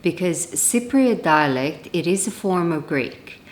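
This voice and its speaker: Low-voiced woman chatting to camera. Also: animated, measured pace, a little hiss or hum. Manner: chatty, rambling with restarts. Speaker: vlogger. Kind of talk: casual chat to camera. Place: home.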